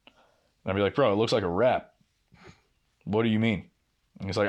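A man's voice: on the low side, fairly quick, pauses often. A young man co-hosting a podcast, casually telling a long work story, swearing often and acting out both sides of quoted arguments. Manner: profane, animated, acts out quoted exchanges. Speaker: podcast co-host.

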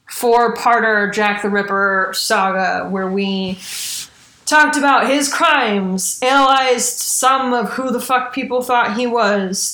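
A woman's voice: medium pitch, a bit bright, echoey room. A woman hosting a casual true-crime podcast, chatty and swearing casually. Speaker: podcast host.

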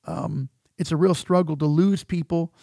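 Pastor, middle-aged man, gravelly and mellow, dry close sound. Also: fairly high pitch, steady tone, no room sound. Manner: earnest, halting with frequent repeated words. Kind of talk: conversational teaching talk.

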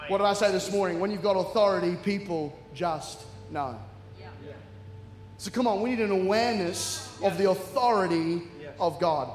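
A middle-aged Australian man with a high voice speaks at a normal pace as a guest preacher, delivering a humorous sermon. He tells his stories with animation, acting out the different voices. The recording comes from a large church hall, echoey with a long reverb.

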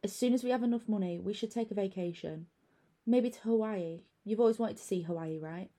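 A woman voicing a calm, reassuring young husband. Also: medium pitch, brisk, close to an everyday voice. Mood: gentle. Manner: reassuring, easygoing. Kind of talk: storytelling narration.

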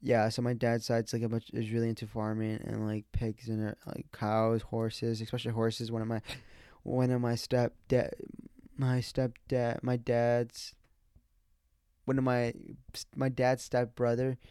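A man's voice: mid-range voice, completely flat delivery, unhurried, dark tone, clean tone, dry recording, clean studio sound. A young man from the USA talking in a loose, rambling monologue, full of restarts and "like" fillers, swearing casually. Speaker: podcast host.

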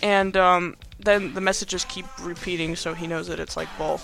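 A young man rambles through a casual movie recap with a bright, high voice and plenty of fillers. His tone is playfully sarcastic, and faint music plays behind him. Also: fairly even intonation, moderate pace, vocal fry. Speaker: podcast host.

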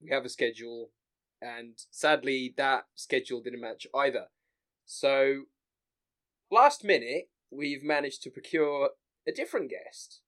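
A man's voice: mid-range voice, unhurried, fairly bright tone. A young man hosting a casual podcast, brash and full of swearing as he tells stories. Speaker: podcast host. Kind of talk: casual chat.

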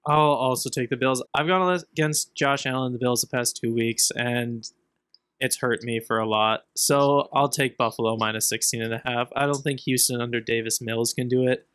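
A young man co-hosting a sports podcast, giving relaxed, measured picks in casual chat. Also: mid-range voice, smooth, no room sound, studio quality. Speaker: podcast co-host.

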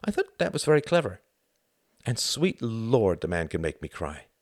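A man reading aloud, voicing Tom, an earnest young man who talks with raised, excited enthusiasm. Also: on the low side, normal speed, no room sound, clean studio sound, pitched above the performer's own voice. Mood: enthusiastic.

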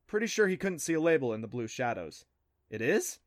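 A man's voice: on the high side, big pitch swings, quick pace. Man reading an adventure story. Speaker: audiobook narrator. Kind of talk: scripted narration.

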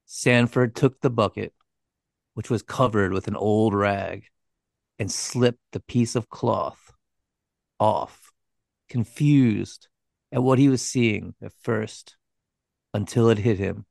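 A man's voice: fairly low pitch, slow, vocal fry, pauses often, a little mellow, no echo, clean studio sound. A man co-hosting a true-crime podcast, narrating the story and reacting in casual, swear-laced chat. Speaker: podcast co-host.

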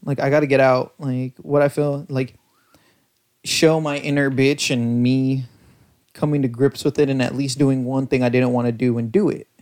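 A man's voice: mid-range voice, a little mellow. A young man hosting his own podcast, rambling loosely and mocking himself, sounding tired and lethargic. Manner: rambling, self-mocking, loose storytelling with lots of fillers. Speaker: podcast host. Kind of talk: casual solo podcast rambling.

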